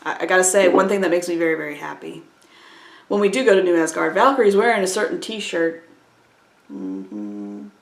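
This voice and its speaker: A woman's voice: lowish voice, animated, moderate pace, gravelly. A woman giving a casual, exasperated movie review, stumbling over restarts and acting out quoted lines. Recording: echoey room.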